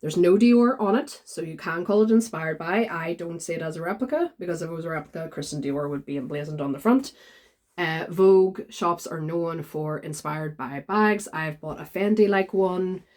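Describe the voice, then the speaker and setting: A woman's voice: on the low side, normal speed. Chatty woman vlogger. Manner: chatty, animated retelling with quoted voices. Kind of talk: casual chat, storytelling.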